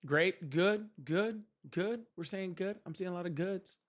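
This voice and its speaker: A man's voice: high-pitched, unhurried. A young man hosting a casual livestream, chatting with viewers, thanking them and laughing often. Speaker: livestream host.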